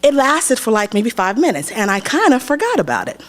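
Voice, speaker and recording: A woman's voice: on the high side, a little fast. A young woman from Pennsylvania tells a personal story live on a theater stage, acting out the voices of the people in it. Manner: animated, acts out other people's voices.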